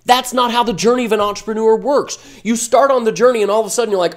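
A man's voice: high voice, quick pace, hardly any pauses. A man giving a fired-up, emphatic motivational talk to camera as an online business coach, full of rhetorical questions.

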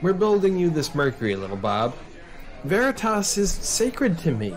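A man's voice: fairly high pitch, big pitch swings, normal speed, some chatter behind. A man hosting a scripted comedy sketch about model cars, talking in a theatrical, preachy big-brother manner. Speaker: host.

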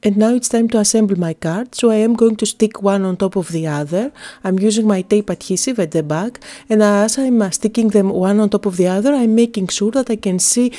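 A woman narrating a step-by-step card-making tutorial, calm and explanatory, with frequent "uh" fillers. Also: mid-range voice, a little fast.

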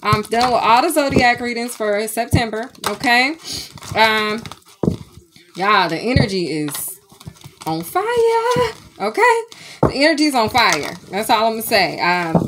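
A woman's voice: fairly high pitch, a little slow, background noise. A woman, chatting animatedly as a spiritual medium in a home vlog, often checking in with the viewers. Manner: animated, chatty, keeps checking in with "okay?" and "y'all". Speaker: spiritual medium and tarot reader. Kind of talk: casual spiritual vlog chat. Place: home room with sage smoke.

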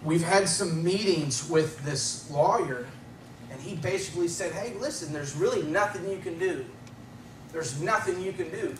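A man tells his story of faith to a congregation, relaxed and conversational, breaking into small chuckles. His voice sits a little high. The recording is distant and roomy, with clear background noise underneath. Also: normal speed. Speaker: guest giving testimony. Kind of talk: personal testimony at church.

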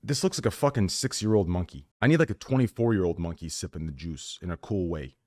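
A man's voice: sits low, lively intonation, fast, a little mellow. A man in his thirties, a livestreamer in a profane, combative rant. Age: 30s.

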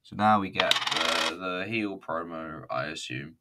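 A man's voice: low voice, unhurried, very noisy. A man giving a casual, rambling, profane and self-mocking review of a wrestling show. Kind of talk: casual solo review commentary.

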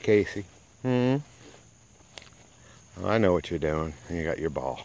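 A man's voice: low-pitched, very animated, unhurried, darkish tone. A man, a dog breeder chatting playfully and doting on his puppies outdoors. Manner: doting, playful baby talk to dogs. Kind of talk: casual outdoor vlog talking to puppies. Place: outdoors in a rural yard.

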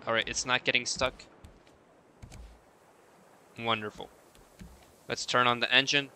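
A man's voice: medium pitch, steady tone, a little slow, pushed and bright, a little hiss or hum. A man chatting casually on a live stream while he plays, reading viewer messages aloud and answering them playfully.

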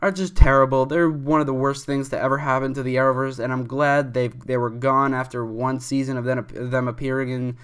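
A man's voice: mid-range voice, level tone, a little fast, few pauses, fairly bright tone, clean tone. A young man hosting a commentary video, giving rambling, opinionated takes with frequent restarts.

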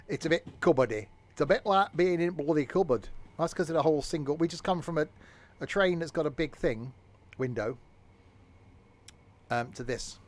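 A man's voice: a little high, normal speed, pauses often. Joking man streaming a game. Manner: rambling, jokey, mutters to himself. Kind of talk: casual gameplay commentary.

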